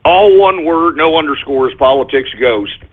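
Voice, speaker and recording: A man's voice: a little high, a little slow. A man hosting his own talk radio show, rambling in a comic monologue and breaking off to scold his crew and his dog in exasperation. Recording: phone-like narrow-band audio.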